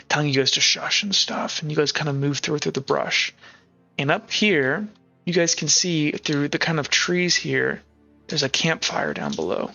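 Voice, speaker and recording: A man's voice: on the high side, sharp tone, highs cut off. A man running a tabletop game as game master, narrating casually with lots of filler words.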